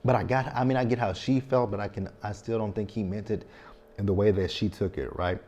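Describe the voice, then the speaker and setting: A man's voice: on the low side, fairly even intonation, brisk, a little mellow. A man in his thirties recapping a TV episode in a casual vlog, talking frankly and checking in with tag questions. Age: 30s. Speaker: TV show recap reviewer.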